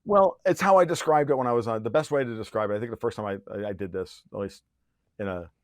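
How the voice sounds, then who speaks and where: A man's voice: lowish voice, fast talker, no echo, clean studio sound. A man who is a podcast guest, talking in a heated conversational rant. He is profane and sarcastic, and he often restarts his sentences.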